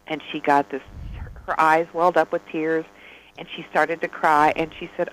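A man with a notably high voice in easy conversation. He tells his stories with energy, acting out each exchange as he goes. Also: normal speed, poor audio. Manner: animated storyteller who acts out dialogue. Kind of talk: casual chat.

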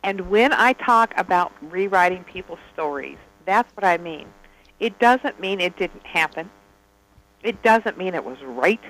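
A man with a notably high voice in easy conversation. He tells his stories with energy, acting out each exchange as he goes. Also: unhurried, low-quality recording. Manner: animated storyteller who acts out dialogue. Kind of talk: casual chat.

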